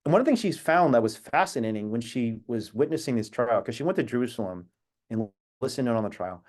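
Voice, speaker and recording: A man's voice: mid-range voice, expressive, fast, a little mellow. A man speaking as an activist on a video call, telling a personal story in an earnest, reflective way with long tangents. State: emotional at times.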